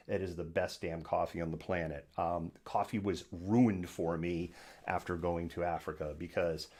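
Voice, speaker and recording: Sarcastic low-voiced male stream host. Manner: sarcastic, acts out imagined voices. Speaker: host of a live political news show. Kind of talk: live-stream commentary. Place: home studio in Seattle.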